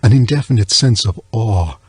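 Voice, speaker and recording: Husky-voiced man reading a somber tale. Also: animated, no echo. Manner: measured, low, somber reading. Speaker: audiobook reader. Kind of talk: scripted narration of a classic tale.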